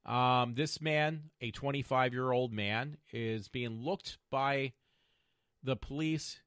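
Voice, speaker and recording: A man's voice: medium pitch, takes it slowly, fairly bright tone, clean tone, dry recording. Dry, rambling male podcast host. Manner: rambling, opinionated, self-correcting with many fillers. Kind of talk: rambling solo podcast commentary.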